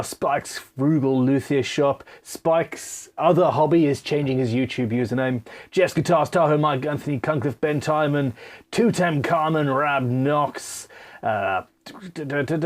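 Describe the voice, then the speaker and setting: A man hosting a casual live stream Q&A from his home studio. He reads viewer comments aloud in a chatty, self-deprecating way. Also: fairly high pitch. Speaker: live stream host and guitar builder.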